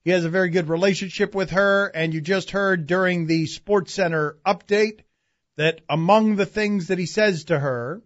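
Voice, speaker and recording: A man's voice: high-pitched, moderate pace, no echo. A man hosting a sports radio show, chatting casually and joking with his co-hosts. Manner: joking, laughs often, leads the segment. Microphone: studio microphone. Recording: dull, lo-fi radio studio audio.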